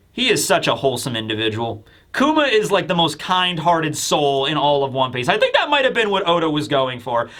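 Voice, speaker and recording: A man's voice: fairly high pitch, bright, forceful tone. A man hosting a manga review, chatting casually and animatedly, laughing and acting out the characters. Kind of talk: casual commentary.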